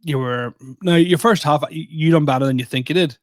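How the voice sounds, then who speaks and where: A man's voice: a little high, brisk, no echo. Young male co-host; rambling, self-mocking storyteller in loose chat, dry booth sound. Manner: rambling, self-deprecating storytelling with many restarts. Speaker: podcast co-host and comedian. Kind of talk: casual chat.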